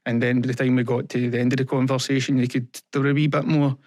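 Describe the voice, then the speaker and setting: A young Scottish man speaks in an earnest, halting way, retelling events and quoting other people as he goes. His pitch stays fairly level and even, and the sound is close and dry with no room around it. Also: no echo. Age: young adult. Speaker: podcast guest. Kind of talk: candid personal interview.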